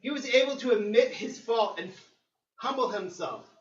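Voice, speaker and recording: A male preacher delivering a sermon, telling the story in a lively way with acted-out quotes. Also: very high-pitched, moderate pace. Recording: roomy, distant, dull sermon recording.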